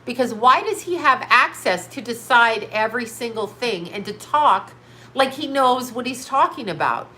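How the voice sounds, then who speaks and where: A middle-aged woman hosts a livestream, reading chat and talking with viewers in a blunt, rambling, indignant rant. Her voice is a little high with a sharp tone, and there's slight background noise.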